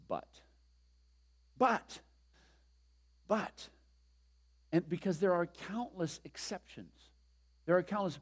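A man's voice: sits high, lively intonation, slow, long pauses, slightly rough. A man in his sixties preaching a conversational sermon, stressing points and asking the congregation questions. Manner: conversational, emphatic, asks the room questions. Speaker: pastor.

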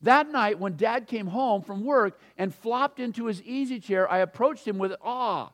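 A man in his sixties preaching a sermon, animated and repetitive, laughing often. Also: high voice, unhurried. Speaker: pastor.

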